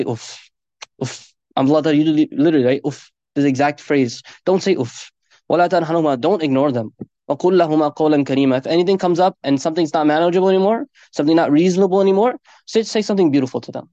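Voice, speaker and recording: Male preacher, informal sermon, quick and earnest, slightly raised voice, dull dry lo-fi sound. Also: fairly high pitch, warm tone, no room sound. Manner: earnest, conversational, peppered with Arabic phrases. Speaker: Islamic preacher.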